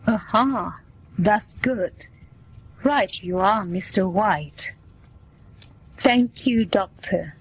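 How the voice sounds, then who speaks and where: A woman's voice: a little high, breathy edge, poor audio. A woman reading scripted everyday dialogues for English learners, taking every part in turn. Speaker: English listening lesson reader.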